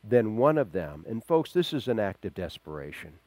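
A man preaching a verse-by-verse sermon, acting out the quoted voices and swinging between loud emphasis and quiet asides. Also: on the low side, sing-song, moderate pace, dry recording. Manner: acts out quoted voices, chuckles. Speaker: pastor. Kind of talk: expository sermon.

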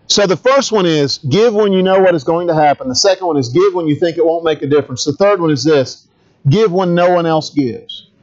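A man's voice: fairly high pitch, a little fast, darkish tone, dull audio. A middle-aged man, a pastor, preaching a conversational sermon, asking the congregation questions and adding humorous asides.

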